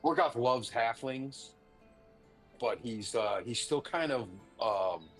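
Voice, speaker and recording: A man's voice: mid-range voice, lively intonation, slow pace, fairly bright tone, soft background music. A man playing a tabletop game, talking hesitantly and thinking aloud. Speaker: player. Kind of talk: tabletop role-play.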